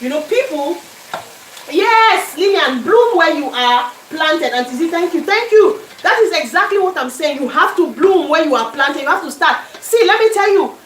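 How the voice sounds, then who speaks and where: Woman, high-pitched, emphatic, preachy live-stream chat, small echoey kitchen. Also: animated, normal speed, a bit bright, far from the mic, slight background noise. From Cameroon. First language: French. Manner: emphatic, preachy, keeps asking "do you understand?". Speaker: cooking channel host. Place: small home kitchen indoors.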